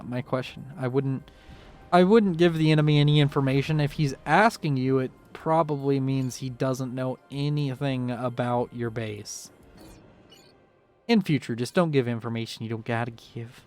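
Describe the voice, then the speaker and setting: A man's voice: medium pitch, a little mellow. A man casting a strategy game in a rambling, jokey way, talking straight to the players. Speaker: game caster.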